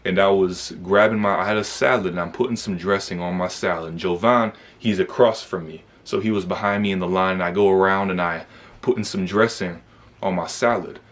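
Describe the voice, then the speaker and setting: A man's voice: low voice, fairly quick, fairly bright tone. A young man from Michigan telling a personal story to camera in a casual, conversational way, with frequent fillers and tag questions. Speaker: vlogger recounting his youth incarceration.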